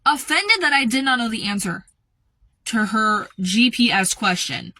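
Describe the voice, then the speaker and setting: A young woman recounts a work story in a loose, chatty ramble, packed with "like" and "um." Her voice is bright and forward. The recording is dry and close, with no room sound. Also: fairly high pitch, lively intonation, a little slow, no room sound. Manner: casual and rambling, full of fillers like "like" and "um". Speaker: retail worker. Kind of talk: storytime vlog.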